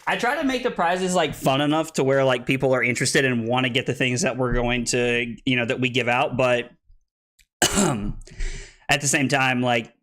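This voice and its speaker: A young man hosting a live-streamed card tournament, out of breath and excitable, rambling with lots of filler words. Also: mid-range voice, moderate pace. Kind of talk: casual live-stream chat.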